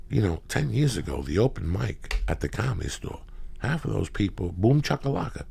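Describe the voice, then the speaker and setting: A man hosting a podcast, telling profane comedic stories in rambling anecdotes with loud bursts of emphasis. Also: fairly low pitch, sing-song, fairly quick, gravelly, slightly rough. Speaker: podcast host.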